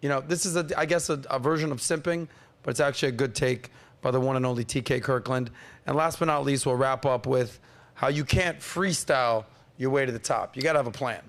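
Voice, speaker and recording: A man hosting a podcast, energetic and playful, hyping up the audience and teasing his co-host. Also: mid-range voice, a little fast. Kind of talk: hyped-up casual podcast hosting.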